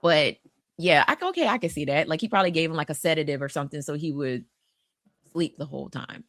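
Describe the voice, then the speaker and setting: A woman co-hosting a casual podcast about horror films, talking in an animated way, often restarting her sentences and acting out the quotes she gives. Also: low voice, fast, no room sound, clean studio sound. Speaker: podcast co-host. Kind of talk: casual horror film discussion.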